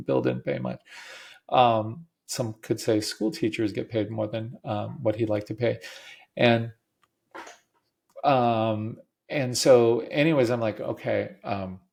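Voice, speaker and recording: Gravelly, rambling middle-aged man. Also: lowish voice, darkish tone. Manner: rambling, many fillers and restarts. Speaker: podcast host. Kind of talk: casual personal storytelling.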